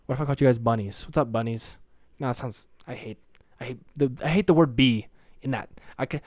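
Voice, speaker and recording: Brief: young male solo podcaster, dry close sound, mid-pitched, crude and rambling. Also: fairly quick, a little mellow, no echo. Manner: rambling, crude, self-deprecating, jokey. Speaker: podcast host.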